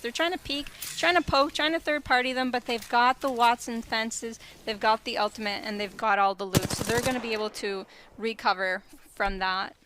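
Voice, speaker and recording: A woman's voice: a little high, sharp tone, slight background noise. A woman from Canada giving color commentary on an esports tournament, friendly with light self-deprecating humor. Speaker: esports analyst.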